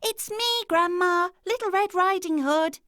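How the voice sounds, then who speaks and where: A woman voicing an innocent, curious little girl from a storybook, in a high childlike voice. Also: a little slow, sharp tone, dry recording, clean studio sound, heavily acted.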